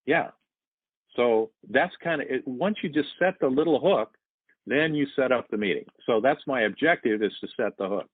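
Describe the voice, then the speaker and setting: A man's voice: mid-range voice, animated, normal speed, breathy edge, no room sound. A man in his sixties chatting casually on a podcast, telling sales anecdotes and acting out both sides of the dialogue. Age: 60s. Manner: storytelling, acts out quoted dialogue. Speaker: sales guest. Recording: tinny phone-like line, dry.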